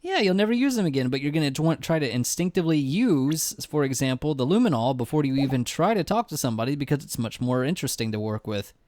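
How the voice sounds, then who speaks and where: A man's voice: on the high side, sing-song, fast talker, few pauses, darkish tone. A man streaming a video game with a friend, chatting casually and teasing her, laughing often. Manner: joking, teasing, breaks into laughs. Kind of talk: casual gaming chat.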